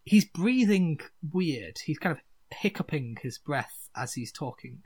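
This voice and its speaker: A man narrating as game master of a tabletop game, pausing often with filler sounds. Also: a little high, very animated, darkish tone, slightly rough. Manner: hesitant, full of filler sounds.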